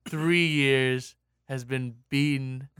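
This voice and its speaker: Bright-voiced man chatting casually. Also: mid-range voice, steady tone, slow, clean tone, dry recording, clean studio sound. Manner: rambling, full of "like" and restarts. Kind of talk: casual chat.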